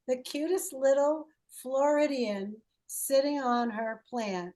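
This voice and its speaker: Woman healing coach, playful and encouraging, unhurried delivery. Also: high voice, mellow. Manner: playful, encouraging, asks leading questions. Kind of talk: coaching call.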